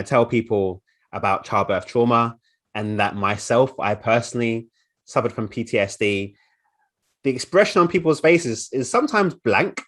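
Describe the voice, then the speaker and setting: A man speaking earnestly at a conference session, with frequent hesitant repeats. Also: on the low side. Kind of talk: presentation talk.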